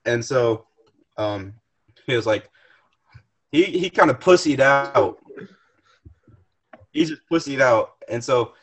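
A man's voice: mid-range voice, animated, takes it slowly, long pauses, fairly bright tone. Young man telling a rambling story. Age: young adult. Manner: rambling, profane, restarts often. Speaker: podcast guest. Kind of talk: casual storytelling.

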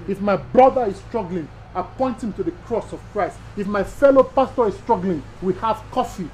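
Emphatic Nigerian pastor preaching. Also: male voice, sits high, a little mellow, slight background noise, low-quality recording. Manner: emphatic, repetitive, rhetorical questions. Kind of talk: teaching sermon to pastors.

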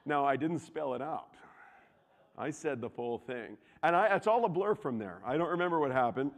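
A young adult man preaching a sermon, telling stories with animated swings from loud outbursts to hushed asides, in a church. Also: a little high, moderate pace. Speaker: pastor. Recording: long hall reverb.

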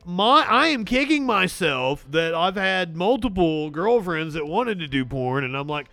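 A man's voice: high-pitched, big pitch swings, measured pace, gravelly, bright, forceful tone, no echo. A man hosting a talk show from his home desk, rambling in profane, self-deprecating banter. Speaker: host. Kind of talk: crude comedic banter. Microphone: desk mic with soundboard.

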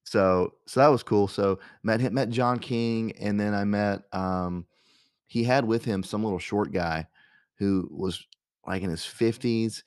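A young man with a drawl rambles through a story, full of fillers, restarts and asides. His voice sits on the low side and sounds close and dry, with no room around it. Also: measured pace, clean tone, dry recording. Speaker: radio host. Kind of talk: casual storytelling monologue.

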